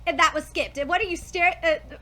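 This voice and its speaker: A woman giving a casual anime review, gushing and excitable, swearing and laughing often, rambling with lots of fillers. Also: extremely high pitch, fairly quick. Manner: rambling with many fillers and restarts.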